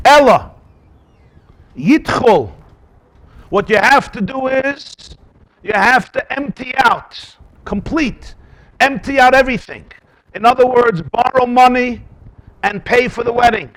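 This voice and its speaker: A man teaching a Talmud class as a rabbi. He talks in an animated way, asks rhetorical questions and mixes in Yiddish and Hebrew terms. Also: very high voice, takes it slowly, long pauses.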